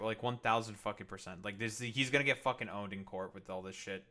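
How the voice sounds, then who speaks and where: A man's voice: lowish voice, fairly quick, few pauses, bright, forceful tone. A young man streaming, reacting to news clips with sarcastic, profane interjections. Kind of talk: casual reaction commentary.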